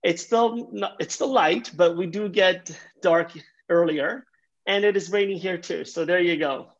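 A man's voice: high voice, a little slow, lo-fi sound. A man hosting a podcast interview, chatty and enthusiastic. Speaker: podcast host. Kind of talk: podcast interview, scripted intro.

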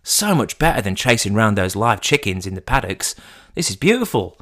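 A man's voice: fairly low pitch, sing-song, normal speed, a bit bright. A man doing a blunt father fox. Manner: blunt, scolding.

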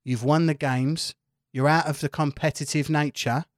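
A man's voice: fairly high pitch, moderate pace, dry recording, clean studio sound. Man running a tabletop game. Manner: relaxed, jokey. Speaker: game master.

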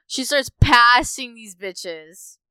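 A young woman co-hosting a podcast, telling a story in a profane, animated way. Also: a little high, slow, clean tone, dry recording. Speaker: podcast co-host. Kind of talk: casual chat.

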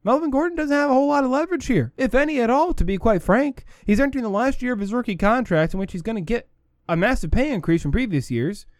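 A man's voice: very high voice, lively intonation, fast, dry recording, clean studio sound. A man hosting a sports talk show, giving opinionated commentary and repeating his points for emphasis.

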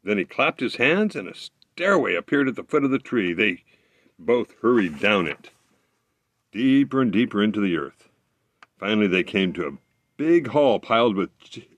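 A man reading a fairy tale aloud, expressive, with occasional slips he corrects as he goes. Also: lowish voice, no echo. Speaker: storyteller.

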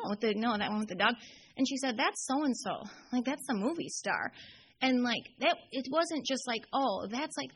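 A woman's voice: on the high side, sharp tone, slight background noise, rough recording. A young woman telling a long personal story at a recovery meeting, chatty and full of fillers. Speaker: AA speaker. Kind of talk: storytelling talk.

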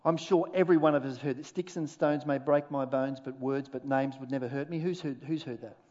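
A man preaching a sermon as pastor, animated and humorous with dramatic pauses. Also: mid-range voice, lo-fi sound. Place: church auditorium.

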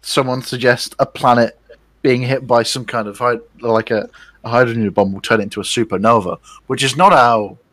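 A man's voice: medium pitch, steady tone, brisk, fairly bright tone, no echo. A man hosting a casual podcast chat, rambling and restarting his sentences while teasing his friends. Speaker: podcast host.

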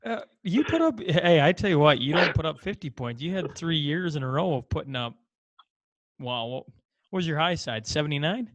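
Guy hosting a hockey interview, gets excited asking stuff, muffled dry audio. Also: a little high, moderate pace, no room sound. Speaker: interviewer host. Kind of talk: casual interview questions. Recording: dull lo-fi, dry sound.

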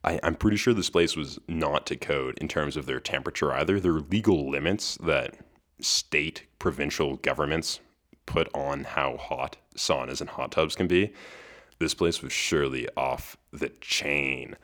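A man's voice: rumbling low, moderate pace, fairly bright tone. A young man hosting a podcast on his own, telling a story in a chatty way with frequent laughs. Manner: chatty, laughs between lines, restarts words. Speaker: podcast host. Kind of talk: casual solo storytelling.

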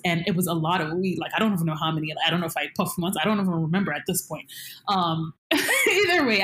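A young woman telling a story in casual chat, animated, jumping into high squeals when she acts out her panic. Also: reverberant.

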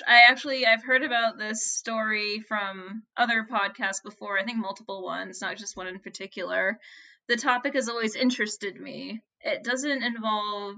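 A woman's voice: medium pitch, pushed and bright. A woman co-hosting a podcast, casually telling a history story with chatty asides and laughter. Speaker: podcast co-host.

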